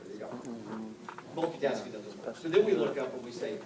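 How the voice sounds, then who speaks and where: A man's voice: mid-range voice, animated, brisk. Joking man in his fifties in an echoey room. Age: 50s. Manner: conversational and joking, full of rhetorical questions. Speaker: real estate coach speaking to an audience. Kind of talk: live motivational seminar talk. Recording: echoey room, distant mic, noticeable background noise.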